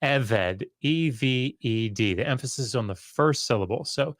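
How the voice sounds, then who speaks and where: Guest scholar, male, mid pitch, rambling and playful, dry sound. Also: no room sound. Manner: jokey, rambling, quick asides and self-corrections. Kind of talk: casual explanatory chat.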